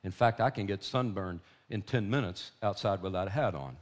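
A man preaching from the pulpit with dramatic swings between quiet intensity and loud emphasis. He drives his points home through repetition, building and falling in waves. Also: low-pitched, fairly quick. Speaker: pastor. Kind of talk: sermon.

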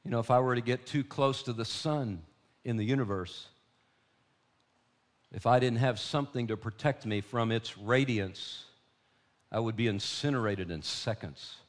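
A man preaching from the pulpit with dramatic swings between quiet intensity and loud emphasis. He drives his points home through repetition, building and falling in waves. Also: mid-range voice, normal speed. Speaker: pastor. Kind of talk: sermon.

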